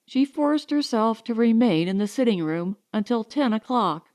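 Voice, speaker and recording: A woman narrating an audiobook in a slow, expressive reading voice. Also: on the high side. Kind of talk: scripted narration.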